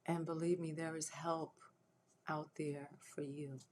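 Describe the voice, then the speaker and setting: The speaker is a woman hosting a faith-based livestream; her low-pitched, slightly mellow voice stays level and unhurried. With earnest, preacherly encouragement and frequent restarts, she makes an emotional, almost tearful appeal to viewers, captured in poor audio with slight background noise.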